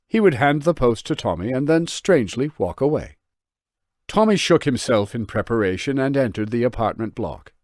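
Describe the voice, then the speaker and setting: Recorded dry at studio quality, a man with a mid-range voice narrates the audiobook of his own novel. He brings the story to life expressively and performs the dialogue.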